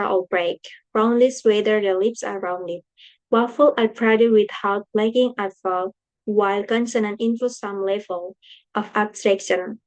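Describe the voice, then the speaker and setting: A woman's voice: medium pitch, poor audio. A young woman with an Indonesian accent, whose first language is Indonesian, reading a class presentation aloud carefully, with slips and restarts. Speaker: student presenting coursework.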